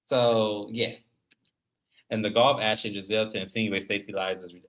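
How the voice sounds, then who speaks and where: A man in his thirties hosting a casual livestream, talking straight to viewers in an animated, emphatic way. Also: lowish voice, normal speed. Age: 30s. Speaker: livestream host.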